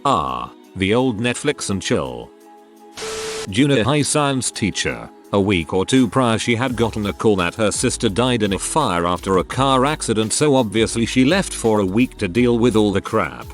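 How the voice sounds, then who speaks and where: Guy narrating reddit-style stories, low voice, super lively delivery, wry little asides, faint music under it. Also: normal speed. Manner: wry, expressive storytelling with joking asides. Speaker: story narrator. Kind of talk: reading online stories with asides.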